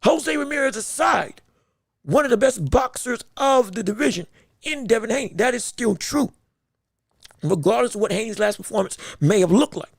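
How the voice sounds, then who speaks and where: A man's voice: very high-pitched, moderate pace, creaky, husky, no echo, clean studio sound. A man hosting a live podcast who talks casually and playfully, often stumbling and restarting his sentences. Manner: animated, stammering restarts, playful. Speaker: podcast host. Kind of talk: casual livestream commentary.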